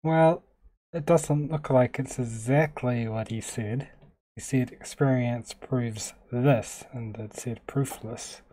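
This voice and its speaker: Guy rambling through a tech demo, slow and easygoing, just thinking out loud. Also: mid-range voice, breathy edge. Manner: thinking aloud, relaxed and chatty. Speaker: tech vlogger. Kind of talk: casual screen-recorded tech demo.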